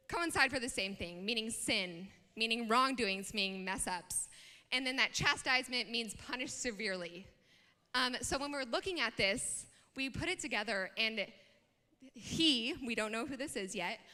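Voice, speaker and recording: A woman's voice: fairly high pitch, sharp tone, big-room sound. A young woman, a student speaker, telling a chatty personal story in a youth talk, with many fillers.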